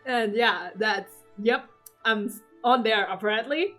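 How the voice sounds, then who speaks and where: A woman recapping her game pulls in casual commentary, excitable and swearing, acting out her own squeals. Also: mid-range voice, normal speed, soft background music. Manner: trails off with fillers and restarts. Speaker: gaming vlogger. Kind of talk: casual gaming commentary over gameplay.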